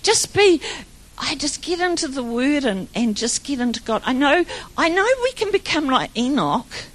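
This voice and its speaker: A woman's voice: high voice, big pitch swings, moderate pace, rough recording. A middle-aged woman giving an informal sermon full of personal stories, chatty and rambling, often laughing. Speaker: preacher.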